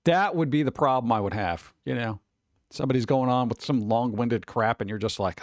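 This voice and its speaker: A man's voice: medium pitch, animated, moderate pace, vocal fry, dry recording. A tired man chatting casually on a livestream, rambling and sarcastic, reading chat messages aloud.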